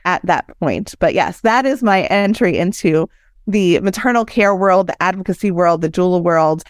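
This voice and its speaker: A woman in her thirties, a doula and founder, telling her own birth story as a podcast guest in an animated, candid way and acting out what people said. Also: fairly low pitch, moderate pace, no room sound, studio quality. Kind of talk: personal storytelling in conversation.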